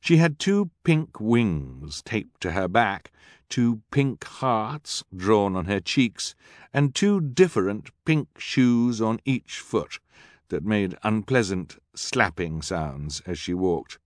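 Slow, lively male audiobook narrator, slightly low voice, dry wry tone, dry close studio sound. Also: no room sound. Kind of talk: scripted narration.

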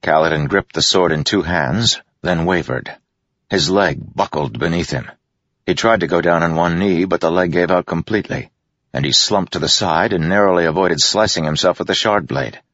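A man's voice: sits low, normal speed, fairly bright tone, dry recording, muffled recording. A man giving a tense, dramatic audiobook narration of a fantasy action scene.

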